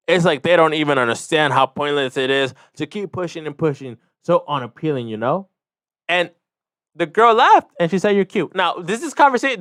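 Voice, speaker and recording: A man in his twenties from Mexico rambles through a solo podcast rant. He talks fast, in a somewhat high voice, and keeps going off on asides. The sound is close and dry. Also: a bit bright, clean tone, no room sound. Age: 20s. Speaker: podcast host.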